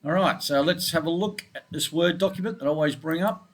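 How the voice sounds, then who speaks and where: A man from Scotland who speaks with an Australian accent, working as a forex trading analyst, walks through his trading charts in a casual screen-share. His voice is fairly high and fairly quick, and his manner is laid-back, informal and self-deprecating.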